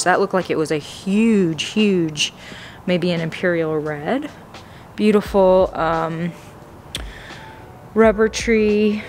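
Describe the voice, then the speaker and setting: A woman's voice: fairly low pitch, a little mellow, slight background noise. A woman vlogging a plant shopping trip in a store, gushing and gasping with delight, often dropping to an awed whisper. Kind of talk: excited shopping vlog. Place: big box store garden section.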